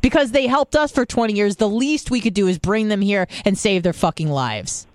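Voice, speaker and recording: A woman's voice: mid-range voice, normal speed, dry recording, clean studio sound. A woman co-hosting a talk radio show, speaking, heated and profane in her opinions. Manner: heated and profane, then apologetic.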